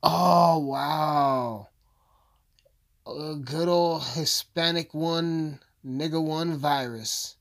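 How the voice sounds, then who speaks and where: A man's voice: a little high, takes it slowly, hardly any pauses, fairly bright tone. A man delivering a rambling, profane comedic rant as a vlogger, full of asides and swearing.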